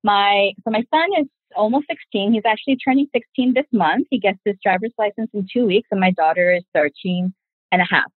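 A woman's voice: medium pitch, a little fast, husky, no echo. A woman in her forties talking earnestly about parenting and communication on a casual podcast, in long reflective sentences. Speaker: podcast guest. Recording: tinny phone-like sound.

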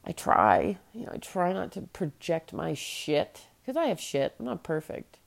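A woman in her late thirties hosts a solo podcast, venting her frustration bluntly and with profanity. Her voice sits on the low side, animated and measured in pace, with vocal fry.

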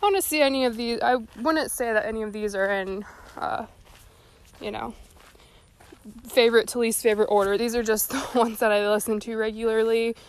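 A young woman chats on her podcast while walking, slightly out of breath. Her voice sits a little higher than usual, and she rambles in a folksy, earnest way. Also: brisk, smooth. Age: young adult. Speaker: podcast host. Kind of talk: casual solo talk. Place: walking outdoors.

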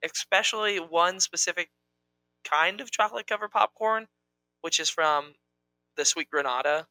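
A young man co-hosting a casual chat, talking in an animated, rambling, playful way. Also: high-pitched, moderate pace, no room sound, rough recording. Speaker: co-host.

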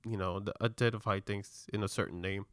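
A man's voice: fairly low pitch, steady tone, fairly quick, clean tone, dry recording. A man in casual podcast chat, laughing often and retelling moments with animation.

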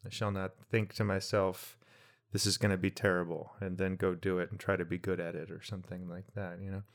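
A middle-aged man co-hosting a relaxed podcast, talking in a thoughtful, wandering way. He breaks his reflections with wry jokes and often restarts his sentences. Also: deep voice, fairly quick. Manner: reflective, jokey asides, trailing restarts. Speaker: podcast co-host. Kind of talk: casual conversational podcast.

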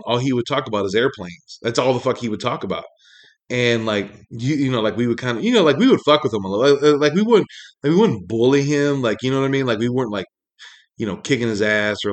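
A man ranting casually in a monologue, exasperated and profane, rambling with many fillers. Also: mid-range voice.

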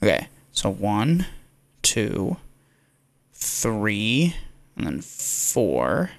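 Young male podcast co-host, animated and profane, rambling delivery, dry close-miked sound. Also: lowish voice, extremely slow, vocal fry, dry recording. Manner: rambling, laughs a lot, swears freely. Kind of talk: casual sports chat.

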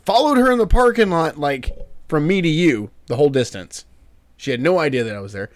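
A man's voice: fairly high pitch, fairly quick, dry recording, studio quality. A man with a Southern US accent, a podcast co-host telling stories in casual chat. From Southern United States. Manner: animated storyteller who acts out quotes.

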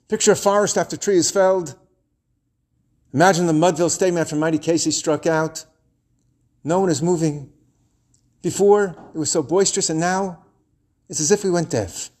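Give me a man in his twenties with a fairly high voice telling a story with wry humor and big pauses. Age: 20s. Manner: animated, wry, dramatic pauses. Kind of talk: told story to an audience.

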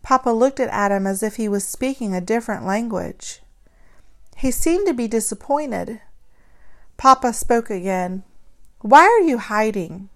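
A woman narrating a story in the first person, expressive and acting out the dialogue. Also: a little high, moderate pace.

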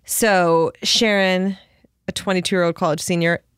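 Low-voiced woman in casual chat. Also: a little slow, clean tone, no room sound, clean studio sound. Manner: reads article aloud, giggly, animated quoting. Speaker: podcast co-host.

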